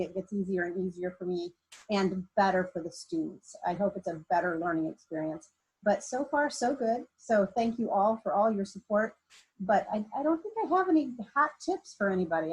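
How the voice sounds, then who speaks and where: A woman with a husky, mid-pitched voice talks on a video call. She is a modest instructor who plays down her own progress. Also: low-quality recording. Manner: modest, self-deprecating. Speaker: university instructor. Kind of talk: casual talk in an online meeting.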